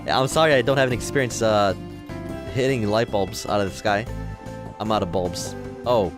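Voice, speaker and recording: This is a let's play host, a young man from Chicago in the US Midwest, joking his way through a video game and talking back to its characters. He has a lowish voice, speaks at normal speed, and is heard over music.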